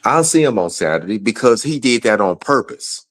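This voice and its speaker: A man's voice: on the low side, big pitch swings, moderate pace, fairly bright tone. A man angrily ranting on a livestream, profane and repeating himself. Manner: angry, profane, repetitive. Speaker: guest. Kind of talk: heated livestream rant.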